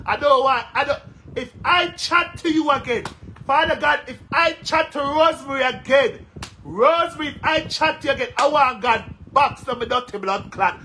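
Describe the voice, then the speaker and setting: The voice is very high-pitched, pushed and bright: a Jamaican-accented man, a social media commentator, furiously ranting at his followers with repeated curses and phrases. The low-quality recording has a little background noise.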